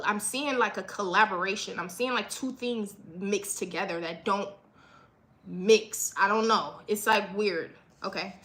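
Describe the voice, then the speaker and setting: A woman's voice: on the high side, fairly bright tone, a little hiss or hum. Profane woman doing a casual live reading. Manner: repetitive, keeps asking "okay?", profane. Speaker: livestream tarot reader.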